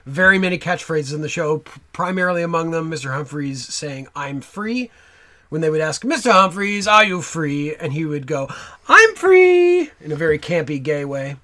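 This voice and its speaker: A man's voice: a little high, brisk, a bit bright. A man from Nova Scotia hosting a podcast in casual chat, enthusiastic and digressive with lots of fillers. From Nova Scotia, Canada. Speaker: podcast host.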